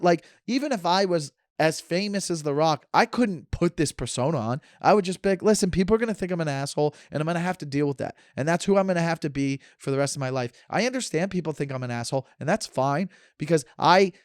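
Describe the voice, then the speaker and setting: Casual male podcast host, thirties, a touch high-pitched, sarcastic tangents, dry close-mic sound. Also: darkish tone, no echo. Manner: sarcastic, joking, talks in tangents. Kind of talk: casual rambling monologue.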